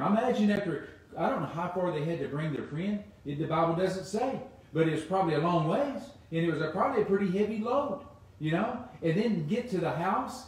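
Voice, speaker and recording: A man pastor preaching a sermon with emphasis, repeating phrases and swinging from loud to soft. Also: high-pitched. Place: church sanctuary. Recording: very echoey church hall, voice from a distance.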